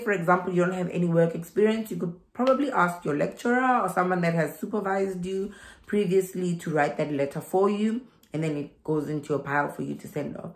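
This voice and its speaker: Laughing often and repeating points for emphasis, a young woman with a South African accent chats through migration advice on her vlog. She has a lowish, darkish voice, recorded with a roomy sound.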